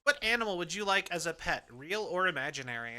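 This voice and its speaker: Man, slightly high voice, very bright; laid-back streamer telling stories. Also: big pitch swings, quick pace. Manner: easygoing storyteller, many fillers. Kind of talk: casual chat on a livestream.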